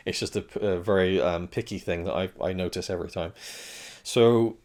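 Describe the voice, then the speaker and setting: A man's voice: low-pitched, fairly quick, a little mellow. Man with a strained, cracking voice. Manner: rambling, with frequent restarts and self-corrections. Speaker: film reviewer. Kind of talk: casual spoken film review.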